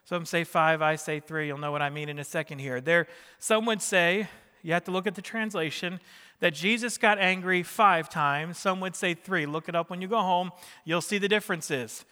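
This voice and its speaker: A pastor with a high, sharp, clean voice preaches in a church at normal speed, his words trailing into a long reverb. His style is conversational, joking with the congregation and tossing questions at them as he goes.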